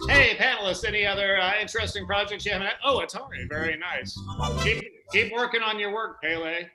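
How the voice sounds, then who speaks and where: Chatty high-voiced male game show host. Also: fairly quick, over music. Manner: chatty, jokey, rambling. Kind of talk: improv comedy game show parody. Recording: echoey stage room.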